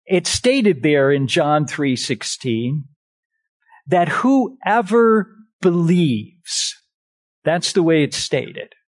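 A man preaching a sermon, with slow, deliberate delivery and emphatic repetition. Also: fairly high pitch, animated. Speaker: pastor. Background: live-streamed church service.

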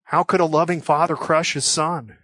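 A man preaching a sermon in an earnest, measured way, slowing down to stress quoted scripture. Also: fairly high pitch, steady tone, bright, forceful tone, no room sound, studio quality. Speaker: pastor.

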